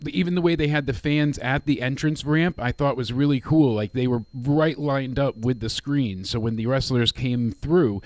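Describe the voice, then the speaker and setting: A man's voice: medium pitch, moderate pace, hardly any pauses, a little mellow, no room sound. Guy with a froggy sickish voice, rambly casual chat, dry close sound. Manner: rambling, with many repeated words. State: froggy, slightly sick voice. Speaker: podcast co-host. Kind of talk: casual wrestling review chat.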